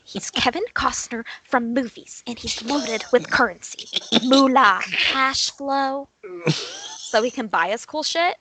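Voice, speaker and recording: A woman's voice: fairly high pitch, takes it slowly, pushed and bright, rough recording. A woman co-hosting a comedy podcast, reading script lines with lots of swearing and giggles. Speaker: podcast co-host.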